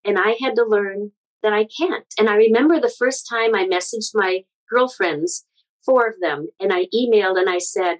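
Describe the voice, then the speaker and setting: A middle-aged woman from the Midwest, a guest speaker sharing personal stories in an interview, earnest and animated. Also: mid-range voice, normal speed, poor audio. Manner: earnest, animated storyteller with frequent restarts. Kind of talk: conversational interview storytelling.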